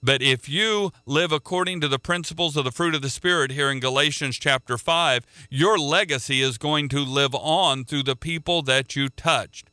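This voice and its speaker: Male preacher, earnest sermon delivery, very bright and crisp voice, dry close sound. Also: a little high, moderate pace, few pauses, no echo. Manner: earnest, repeats words as he restarts.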